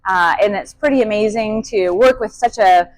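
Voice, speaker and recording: A woman's voice: medium pitch, moderate pace, no echo, rough recording. A young adult woman, a kayak guide, answering interview questions in a friendly, chatty way with frequent fillers and laughs. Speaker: kayak guide on expedition ship.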